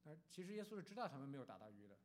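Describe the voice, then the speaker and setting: A man interpreting a sermon phrase by phrase, quick and halting, with fillers. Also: medium pitch, big pitch swings, darkish tone, a little hiss or hum.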